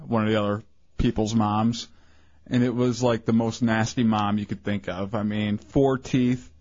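A man's voice: on the low side, steady tone, normal speed, darkish tone, dull audio. A male radio co-host in casual banter, telling crude stories and teasing the others.

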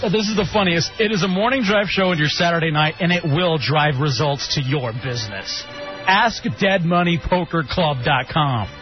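A man's voice: on the high side, normal speed. A man co-hosting a radio talk show, mockingly reading aloud a promo sheet about the show. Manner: animated, mocking, reads aloud with sarcasm. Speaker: radio co-host. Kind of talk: casual radio banter. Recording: lo-fi radio broadcast with faint music.

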